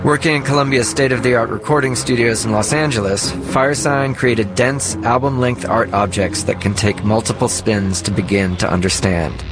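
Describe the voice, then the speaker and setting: A man giving scripted documentary narration in a measured, even delivery. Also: mid-range voice, music in the background.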